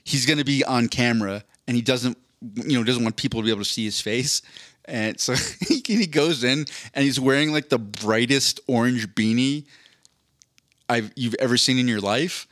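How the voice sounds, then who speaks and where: Man, podcast co-host, casual rambling chat, profane, chuckling between words, dry sound, mid-pitched voice. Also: normal speed, fairly bright tone, dry recording.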